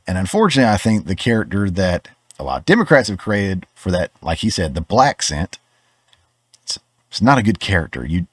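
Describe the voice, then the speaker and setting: A man's voice: fairly low pitch, slightly rough, no room sound, studio quality. A Southern US man hosting a podcast, giving opinionated commentary in a conversational way, often restarting his words. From Georgia, US. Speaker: podcast host.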